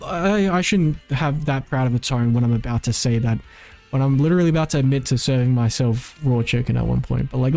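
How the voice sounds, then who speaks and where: A man's voice: on the high side, a little mellow. A man streaming and chatting casually, rambling with lots of "like" and frequent self-corrections. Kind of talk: casual live-stream chat.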